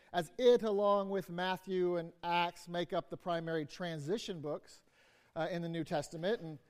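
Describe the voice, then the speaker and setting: A man preaching a sermon as a guest preacher, halting, with many restarts and fillers. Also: sits high, a little mellow.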